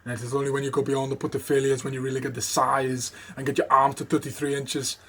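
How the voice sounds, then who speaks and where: A man putting on a hulking bodybuilder who speaks from deep in his chest with a slow, heavy delivery. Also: flat delivery, a bit bright, breathy edge. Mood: boastful.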